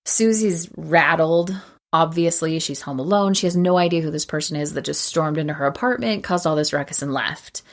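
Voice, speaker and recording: A woman with a notably low voice co-hosts a casual podcast. She recaps a film's plot in a long, chatty run, dropping in "like" and slipping into quick impressions of the characters. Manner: retells plot at length, acting out characters' lines; chatty, frequent "like" and laughter. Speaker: podcast co-host. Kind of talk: casual film recap chat.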